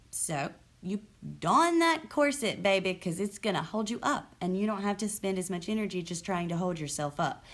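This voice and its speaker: A young adult woman hosting her own vlog, talking candidly and with sarcasm, with frequent restarts. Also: fairly low pitch. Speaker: vlog host. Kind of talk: casual talk to camera. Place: lives in the US South.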